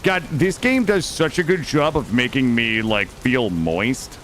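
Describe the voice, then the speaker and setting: Animated joking male game streamer. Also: medium pitch, unhurried, a little hiss or hum. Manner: jokey, profane, chatty, talking to chat. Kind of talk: casual live gameplay commentary. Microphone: studio dynamic mic.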